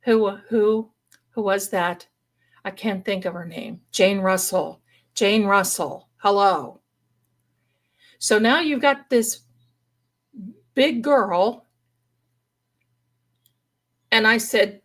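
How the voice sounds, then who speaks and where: Woman storyteller, mid-pitched, colorful and dramatic, folksy asides to her audience. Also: unhurried, pauses often. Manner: dramatic, folksy, addresses viewers as darlings. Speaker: paranormal storyteller guest. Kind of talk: live-stream storytelling.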